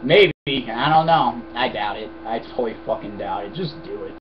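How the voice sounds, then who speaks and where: A man's voice: medium pitch, lively intonation, normal speed, over music. A young man in a casual vlog, answering viewer questions in a blunt, profane, rambling way. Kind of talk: casual rant to camera. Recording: dull lo-fi webcam audio with noise.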